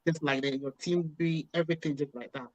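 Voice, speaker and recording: A man with a Ghanaian accent speaking as a guest in a casual discussion, halting and restarting often. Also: a little high, fairly even intonation, a little mellow, muffled recording.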